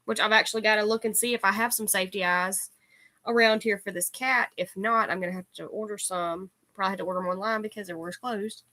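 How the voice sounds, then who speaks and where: A woman co-hosts a homey live chat, tossing out quick teasing remarks about crafting. She talks fast in a bright, clear voice. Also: mid-range voice, fairly even intonation. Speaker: co-host.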